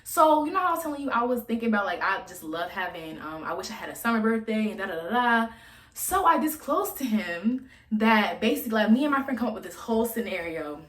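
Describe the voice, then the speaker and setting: A woman's voice: on the high side, sing-song, fast, fairly bright tone. Woman, 20s, vlogger: frank, profane storytelling, echoey room. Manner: blunt, profane, chatty storytelling. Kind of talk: casual storytime monologue.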